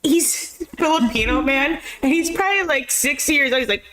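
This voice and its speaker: A young adult woman co-hosting a casual movie chat, slangy and quick to laugh, swearing freely. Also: high voice, over a noisy crowd, low-quality recording. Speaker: podcast co-host.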